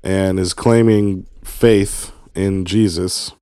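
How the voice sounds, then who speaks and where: A man co-hosting a podcast, talking in a relaxed, easygoing way and hedging his points. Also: deep voice, slow, clean tone, no room sound, studio quality. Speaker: podcast co-host. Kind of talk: casual chat.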